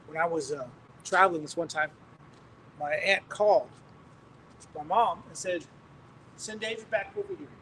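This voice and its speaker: A male preacher delivers a sermon testimony, telling it as a story and acting out each person he quotes. His voice sits high for a man. He is picked up from well away from the mic, with a faint hiss of noise behind him. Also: fairly bright tone, far from the mic, poor audio.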